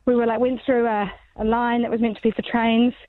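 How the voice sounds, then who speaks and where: A woman's voice: a little high, flat delivery, brisk, no echo. A woman calling into a radio show, telling a chatty story over the phone. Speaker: caller. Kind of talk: telling an anecdote on air. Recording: tinny phone line.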